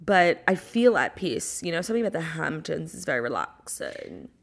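A young woman co-hosting a podcast remotely from a rented cottage, chatting casually, swearing freely and talking in quick bursts full of "like". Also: low-pitched, big pitch swings, gravelly. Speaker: podcast co-host. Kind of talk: casual chat. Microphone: remote audio-only recording.

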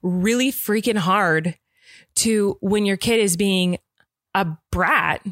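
Earnest young mom talking parenting. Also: female voice, mid-range voice, takes it slowly, fairly bright tone, dry recording, studio quality. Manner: earnest, rambling, quotes her child in voices. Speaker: parent in a podcast chat. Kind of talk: casual chat.

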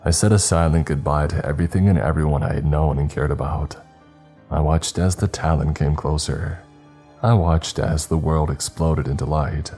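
A man narrating a horror story in a slow, grave, measured way. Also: very deep voice, mellow, breathy edge.

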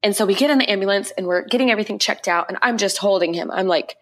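A young woman guest on a podcast, telling her personal testimony in an emotional, quick retelling full of repeated phrases. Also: medium pitch, a bit bright.

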